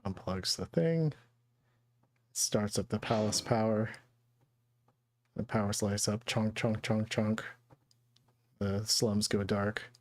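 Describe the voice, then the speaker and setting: A man hosting a live drawing show, narrating an improvised story in an offhand, low-key way with crude jokes. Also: slow pace, long pauses, a little mellow, a little hiss or hum.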